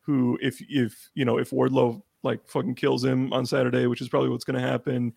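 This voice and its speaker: A man co-hosting a podcast, easygoing, filling his talk with "like" and "um". His voice is gravelly with a husky edge, and the recording is dry and close. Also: mid-range voice, a little fast, no echo. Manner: relaxed, hedging with many "like" and "um". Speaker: podcast co-host. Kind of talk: casual chat.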